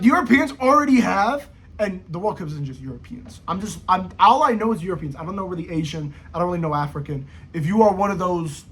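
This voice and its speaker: A young man with a husky, rather high voice rambles through a profane football rant. His slangy talk swings up and down in pitch as he goes. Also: fairly bright tone. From United States. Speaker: football vlogger. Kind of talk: casual rant to camera.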